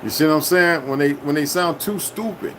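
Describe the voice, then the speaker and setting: Casting: man, somewhat high pitch, combative streamer, swears constantly, rambles, faint background hum. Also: fairly quick, a bit bright. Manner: profane, confrontational, rambling. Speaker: channel host. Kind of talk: casual livestream monologue.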